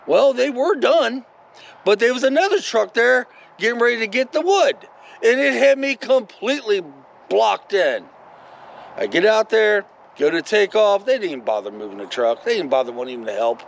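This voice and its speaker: Animated high-voiced man telling a story. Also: moderate pace, gravelly, poor audio. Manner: rambling and animated, many asides to viewers. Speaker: vlogger. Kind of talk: casual storytelling vlog.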